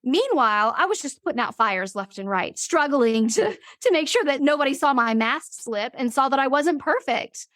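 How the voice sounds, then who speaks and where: A woman in her forties, a business owner and interview guest, telling stories in a vivid, animated way. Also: sits high, moderate pace, few pauses, no echo, studio quality. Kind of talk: casual interview storytelling.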